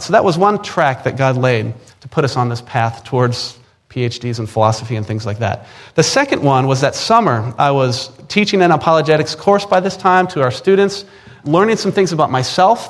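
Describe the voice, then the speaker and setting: A man in his forties with an Upper Midwest American accent, preaching a personal testimony, earnest and emphatic, repeating words when he presses a point. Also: a little high.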